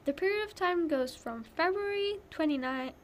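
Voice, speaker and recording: A woman's voice: very high voice, lively intonation, normal speed, slight background noise. A young woman co-hosting a casual podcast, giggly, often losing her place as she reads out lists. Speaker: podcast co-host. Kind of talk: casual chat.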